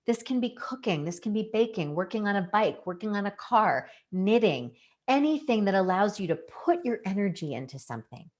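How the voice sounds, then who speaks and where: A woman's voice: mid-range voice, big pitch swings, normal speed, a little mellow. A woman giving an educational talk, explaining things earnestly and leaning on key words for emphasis. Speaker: presenter.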